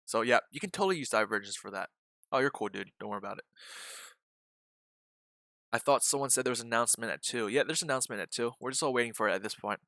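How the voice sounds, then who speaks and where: A man runs a live trading stream in a bright, forceful voice. The sound is dry and close. He jokes, rambles and swears freely while explaining indicators. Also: medium pitch, lively intonation, fast, vocal fry, long pauses, no echo. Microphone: desk microphone.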